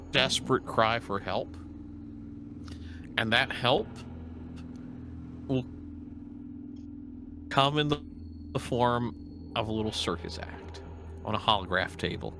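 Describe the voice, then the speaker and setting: A man's voice: mid-range voice, expressive, slow, pauses often, noisy background. A man chatting as a guest in a teasing, mock-soothing way. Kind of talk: casual chat. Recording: clear music underneath.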